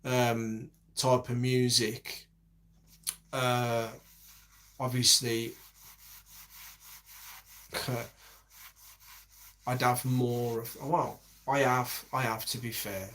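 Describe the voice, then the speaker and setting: A man's voice: mid-range voice, level tone, extremely slow, long pauses, a bit bright. A man in his forties, rambling in a casual monologue with heavy swearing and many restarts.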